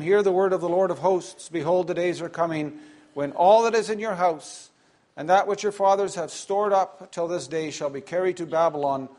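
Man preaching an earnest sermon. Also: on the high side. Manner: earnest, emphatic preaching with pauses and some word repeats.

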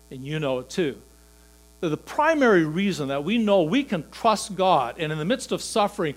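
A man delivers a sermon to his congregation in a slightly high voice. He sinks into quiet, low stretches and then climbs to loud, emphatic peaks. A faint electrical hum sits under the recording. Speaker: pastor.

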